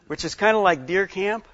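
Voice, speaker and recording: A man's voice: high-pitched, a bit bright, dry recording. A man, giving a conversational sermon as a folksy, rambling storyteller with many fillers. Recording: slightly dull lo-fi sound.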